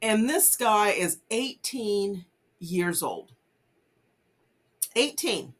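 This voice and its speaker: A woman's voice: mid-range voice, very animated, extremely slow. A woman vlogger giving casual commentary on a news case, earnest and full of fillers like "you know". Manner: earnest, many fillers, urges listeners not to judge. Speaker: vlogger host.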